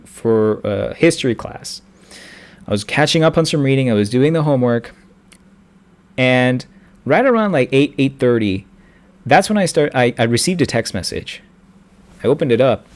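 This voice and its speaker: Halting young man telling a story. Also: mid-range voice. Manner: halting, many restarts and fillers. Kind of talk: personal storytelling.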